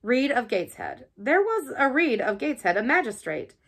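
Brusque gentleman master voiced by a woman, curt, abrupt questions, lively pitch, audiobook reading. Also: moderate pace, slightly rough, heavily acted.

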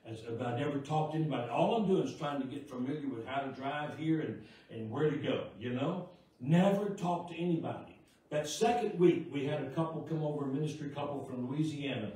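A man's voice: mid-range voice, mellow. A man preaching a revival sermon, telling his testimony in a folksy way with frequent fillers, recorded in a church sanctuary. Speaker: guest preacher. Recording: echoey church room, distant mic.

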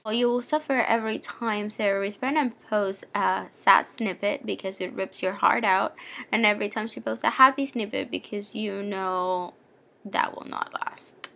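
A woman's voice: mid-range voice, fairly even intonation, moderate pace, vocal fry, bright, forceful tone. A young woman chatting casually in a book vlog, gushing and playful as she recommends a favorite novel. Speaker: book vlogger.

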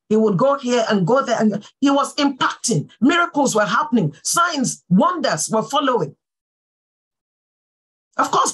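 A woman pastor giving a sermon, fervent and full of praise exclamations, swinging from soft talk to calling out. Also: a little high, breathy edge, low-quality recording.

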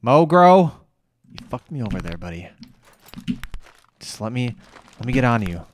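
A man giving let's play commentary, excitable, swearing and scolding himself out loud as he plays. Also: mid-range voice, normal speed. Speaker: gamer playing a video game.

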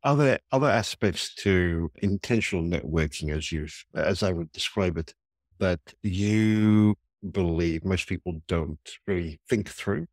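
A man hosting a podcast interview, asking measured questions and listening attentively. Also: deep voice, dry recording, clean studio sound. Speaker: podcast host.

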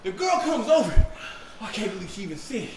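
A man's voice: sits high, very animated, quick pace, roomy sound, background noise. A man comedian in a comedy sketch, out of breath and rambling frantically as he laughs through a story.

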